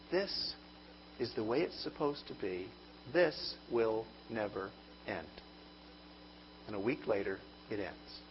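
A man's voice: sits high, lo-fi sound, a little hiss or hum. A man preaching a sermon, telling a comic story and acting out mock inner voices.

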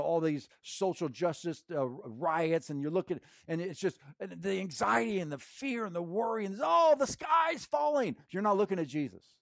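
A male pastor preaches in a loose, slangy, conversational way, often restarting his sentences. He swings from loud, emphatic bursts to hushed, quiet passages. His voice sits a little high and is recorded dry and close. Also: gravelly, no room sound. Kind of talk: sermon.

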